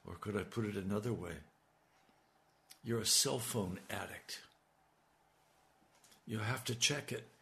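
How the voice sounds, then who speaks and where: A man's voice: lowish voice, vocal fry, a bit bright. A man preaching a sermon, building to emphatic, urgent appeals. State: hiccups. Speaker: radio preacher.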